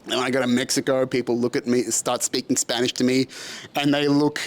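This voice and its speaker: A young Australian podcast host tells a story in a casual way, swearing a lot, laughing often and poking fun at himself. His voice is medium-pitched and level, and he talks a little fast.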